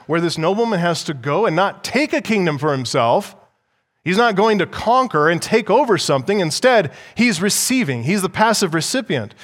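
A pastor preaching an expository sermon in a measured, emphatic way. He teaches by asking the listeners rhetorical questions and repeating key phrases. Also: on the high side, fairly bright tone, long reverb tail.

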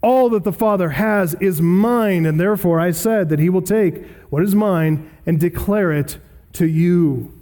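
A man's voice: high voice, a little slow, dark tone. A man preaching an earnest, emphatic expository sermon, reading scripture aloud. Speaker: pastor. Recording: long hall reverb.

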